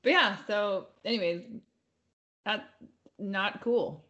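A woman's voice: mid-range voice, slow pace, a bit bright, muffled recording. A woman co-hosting a podcast from home, telling a story in a rambling, casual way and swearing freely. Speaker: podcast co-host.

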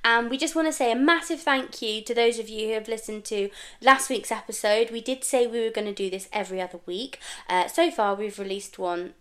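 A woman's voice: a little high, fairly even intonation, a little fast, hardly any pauses, fairly bright tone. A woman co-hosting a podcast, chatting in an upbeat, easy-laughing way over a video call from home. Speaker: podcast co-host. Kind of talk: casual chat.

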